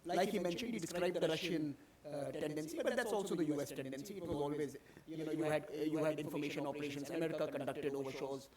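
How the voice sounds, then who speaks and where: A man with an Indian accent moderates a conference panel in a loose, conversational way, full of fillers. His voice is a little high. Heavy audience noise fills the hall behind him. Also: quick pace, hardly any pauses, a loud crowd.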